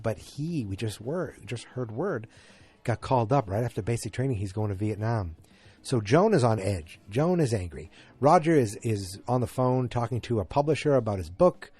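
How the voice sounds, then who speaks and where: A man's voice: medium pitch, warm tone. A man hosting a podcast, casually recapping a TV episode in a rambling way, with many fillers and restarts. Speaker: podcast host.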